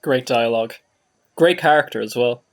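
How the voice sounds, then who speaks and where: A man's voice: mid-range voice, normal speed. A man hosting a reaction video, chatting casually and enthusiastically, laughing often. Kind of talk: casual chat reacting to a show.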